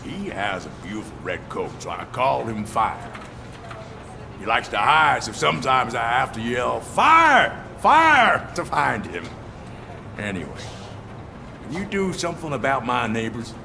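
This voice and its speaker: A man's voice: medium pitch, very animated, a little slow, gravelly, music in the background. An actor playing an odd, naive male citizen who talks to the police in a chatty, earnest way.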